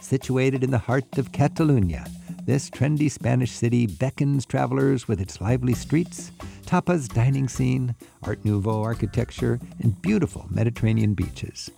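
A man's voice: mid-range voice, normal speed, vocal fry, over music. An older man hosting a travel talk show, reading an intro and then chatting with a guest in a jokey way. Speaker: host. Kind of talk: scripted intro then casual interview.

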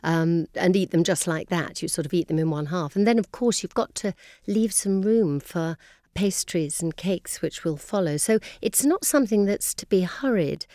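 Chatty English woman, low voice. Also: animated, moderate pace, no echo, clean studio sound. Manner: chatty, explanatory, gently amused. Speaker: London tour guide. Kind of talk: radio interview.

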